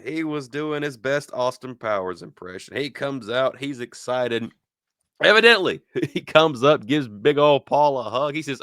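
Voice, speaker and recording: A man hosts a casual wrestling review, telling each segment as an animated story and doubling back on his words. His voice is bright and smooth. The sound is dry and close. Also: medium pitch, measured pace, dry recording. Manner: animated storyteller who acts out quotes, laughs often; repeats words and restarts mid-sentence.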